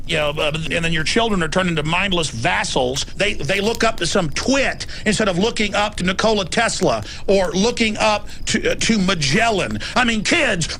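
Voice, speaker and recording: A man doing a shrill, gravelly Texan conspiracy ranter. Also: a little hiss or hum, full character voice. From Texas. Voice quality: gravelly, yelling, swears constantly. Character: shrill ranting male conspiracy radio host, furious. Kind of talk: cartoon parody acting.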